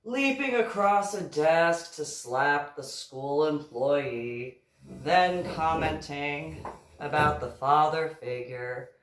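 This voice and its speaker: A woman, an author, reading her own novel aloud slowly and deliberately. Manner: slow, deliberate reading with a wide pitch swing. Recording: echoey room, far from mic.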